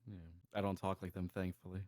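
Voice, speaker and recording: Male guest from Boston, low voice, laid-back, brief answers. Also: monotone, fast, darkish tone, no room sound. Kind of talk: casual chat.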